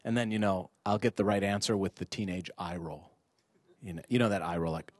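A man's voice: on the low side, brisk, dry recording. A middle-aged man giving a rhetorical talk to an audience of parents, acting out bits of dialogue as he goes. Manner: rhetorical, animated, acts out dialogue. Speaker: speaker addressing parents. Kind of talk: lively public talk with audience exchange. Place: indoor venue before an audience.

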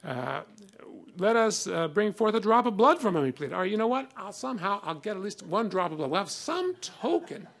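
A man's voice: high voice, sing-song, brisk, creaky, a bit bright. A man giving a conversational classroom lecture on old texts, reading passages aloud with emphasis between many fillers.

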